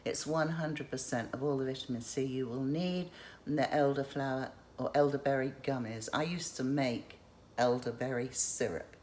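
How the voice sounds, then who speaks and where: Very low-voiced chatty woman. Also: steady tone, moderate pace, a little mellow, slight background noise. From England. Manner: chatty, rambling, self-interrupting. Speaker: vlogger. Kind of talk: casual show-and-tell vlog.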